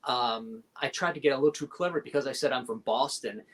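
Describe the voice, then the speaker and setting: Lively middle-aged man telling set stories. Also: medium pitch. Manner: animated anecdotes with quick laughs and acted-out quotes. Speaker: guest actor. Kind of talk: casual interview storytelling.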